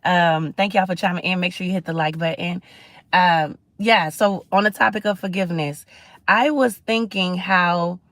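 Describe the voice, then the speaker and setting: A woman's voice: on the low side, fairly even intonation, normal speed, a bit bright, no room sound. A middle-aged woman hosting a casual livestream, talking in a chatty, preachy way and greeting viewers. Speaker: livestream host.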